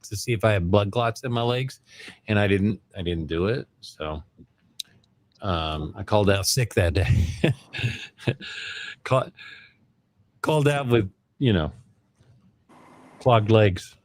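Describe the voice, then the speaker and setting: A man's voice: on the low side, lively intonation, slow pace, pauses often. A middle-aged man hosting a live online hangout, talking in a rambling, joking way with lots of ums, over a video call. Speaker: live stream host. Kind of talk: casual chat.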